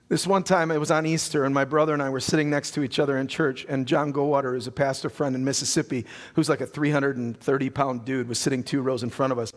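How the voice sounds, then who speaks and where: A male pastor preaching a sermon with animated storytelling and frequent restarts. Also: medium pitch, a little fast. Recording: long reverb of a church hall.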